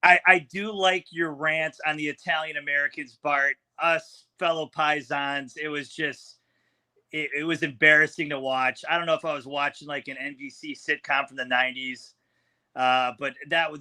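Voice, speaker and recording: A man's voice: on the high side, fairly even intonation, normal speed, pushed and bright. A man co-hosting a sports podcast, giving blunt, opinionated takes on a football game. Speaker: podcast co-host. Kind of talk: sports talk analysis.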